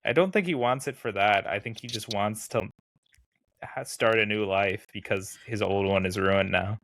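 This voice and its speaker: A young man with a lowish voice talks through comic plots in a relaxed, slangy way. He is recorded close and dry, with no room sound. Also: moderate pace, no room sound. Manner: laid-back, slangy, quotes characters in an exaggerated way. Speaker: podcast co-host. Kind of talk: casual comic book chat.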